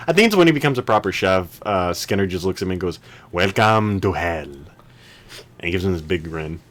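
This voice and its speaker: A man's voice: low voice, animated, fast talker. Laid-back young man chatting and laughing. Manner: laughs often, puts on voices when quoting. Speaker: podcast co-host. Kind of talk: casual chat.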